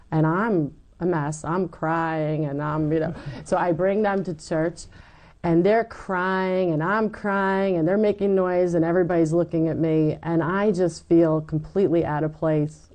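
A middle-aged woman giving her personal testimony in an interview, animated and acting out what people said. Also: fairly low pitch. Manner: animated storytelling, acts out quoted lines. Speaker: guest telling her faith story.

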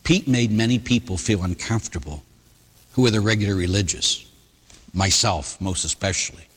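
A man, a priest, giving a sermon and telling stories in an animated way, acting out the people he quotes. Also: on the low side, moderate pace, slightly rough, long reverb tail. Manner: animated storytelling, voicing others in quotes.

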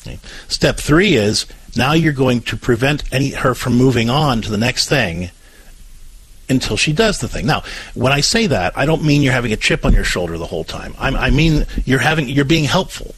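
A man's voice: medium pitch, animated, moderate pace, a bit bright, slightly rough, low-quality recording. A man co-hosting a call-in advice radio show, coaching step by step and acting out example phrases. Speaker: radio co-host.

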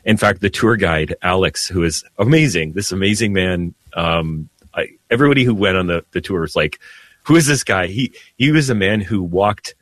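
A man's voice: sits low, moderate pace, a bit bright, no room sound. A man who is a Catholic priest, leading prayer and telling a heartfelt story on a radio talk show. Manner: earnest, emotional storyteller with restarts and laughs.

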